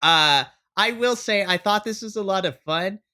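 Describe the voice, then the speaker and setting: A man with an American accent co-hosting a podcast, recapping wrestling matches in a casual, excited way. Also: high voice, normal speed, smooth. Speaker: podcast co-host.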